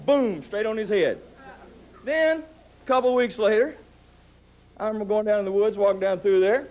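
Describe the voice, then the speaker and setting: A man in his thirties telling a story in a wrestling interview, building up to shouted threats. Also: sits high, lively intonation, a little slow, pauses often, slight background noise, poor audio. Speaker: wrestler cutting a promo.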